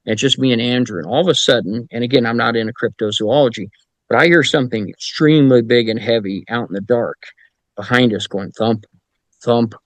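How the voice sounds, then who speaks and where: A man's voice: medium pitch, brisk, no room sound, poor audio. Dry-voiced middle-aged man telling stories. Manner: wry anecdotes with mild profanity. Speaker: paranormal investigator, podcast guest. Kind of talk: casual storytelling.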